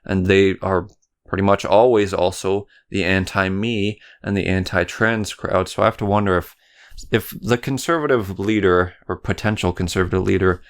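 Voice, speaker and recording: Casting: young male podcast host from Canada, deep, clean tone, rambling rant with frequent swearing. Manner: rambling, stumbles over words, swears often. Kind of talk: solo political commentary podcast.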